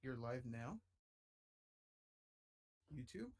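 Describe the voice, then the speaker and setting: Laid-back young man asking quick questions. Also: medium pitch, big pitch swings, a little mellow, breathy edge. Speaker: student club member. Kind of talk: casual chat among friends.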